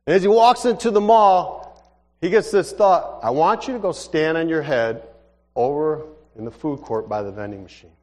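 In a reverberant hall, a male pastor with a fairly high voice tells stories during a conversational sermon at a moderate pace. He's animated and acts out the dialogue as he goes.

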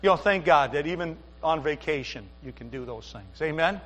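A man's voice: on the high side, animated, moderate pace, fairly bright tone, in a large hall. A middle-aged man preaching a sermon as pastor, telling folksy stories with asides to the congregation. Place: church sanctuary.

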